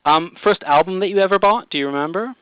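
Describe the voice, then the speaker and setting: A man's voice: high voice, fast, clean tone, no echo. A man interviewing a singer in a casual way, friendly, laughing often and stumbling over the starts of his questions. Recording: phone-quality interview audio, dry.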